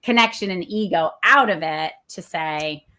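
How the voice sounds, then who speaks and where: A woman guest on a casual business podcast, talking in an animated way, acting out quotes and laughing often. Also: fairly low pitch, unhurried. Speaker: guest, playwright and theater founder.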